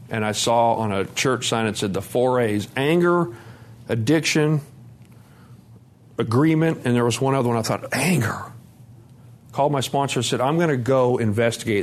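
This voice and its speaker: A man, sharing a raw, profane, confessional recovery story at a conference. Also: mid-range voice. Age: 40s. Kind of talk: emotional personal testimony. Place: conference room.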